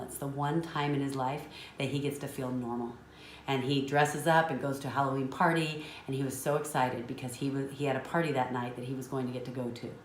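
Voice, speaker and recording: Low-voiced woman telling a moving story. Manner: earnest, emotional storytelling with restarts. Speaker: business trainer. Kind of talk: motivational storytelling. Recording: roomy with faint noise.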